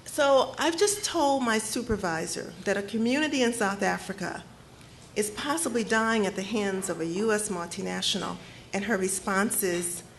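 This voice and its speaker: Middle-aged woman, from Detroit, book-launch speech, earnest storytelling, slow emphatic phrasing, mid-range voice. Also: mid-range voice, a little hiss or hum. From Detroit, United States. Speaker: author speaking at her book launch. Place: cafe event space with audience.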